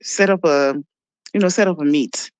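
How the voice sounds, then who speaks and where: A man talking as a podcast guest, who shares life lessons and tells a story in a reflective, unhurried way. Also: a little high, clear, resonant tone, no room sound. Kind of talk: casual interview chat.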